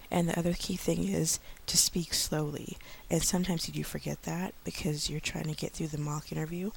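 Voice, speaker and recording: A woman in her thirties talks through teaching tips in a relaxed, rambling way, full of ums and slow, deliberate demonstrations. Her voice has a gravelly, fried edge. A faint hiss sits under the recording. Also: deep voice. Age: 30s. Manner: chatty, many fillers, slows to model speech for kids. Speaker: online English teacher. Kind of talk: casual tips vlog.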